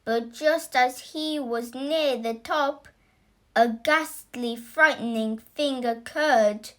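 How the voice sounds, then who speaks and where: A woman reading a rhyming story aloud in an animated, expressive way. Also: sits high, slow pace.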